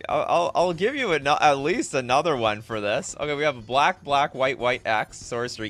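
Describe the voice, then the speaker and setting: A man's voice: mid-range voice, animated, normal speed, hardly any pauses, fairly bright tone, faint music behind. A man streaming live, reading viewer requests in casual, self-mocking chat, laughing often.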